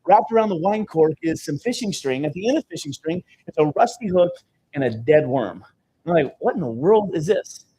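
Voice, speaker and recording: A man's voice: a little high, a little fast, slightly rough. A man speaking as a seminar host to a live audience in an event room, telling stories energetically and checking in with "okay?" often. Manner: energetic storytelling, constant "okay?" check-ins.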